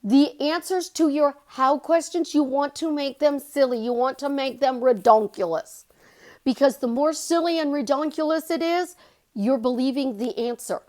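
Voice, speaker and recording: Animated, high-voiced woman life coach. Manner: animated, jumps pitch for emphasis and quotes. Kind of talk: casual vlog monologue.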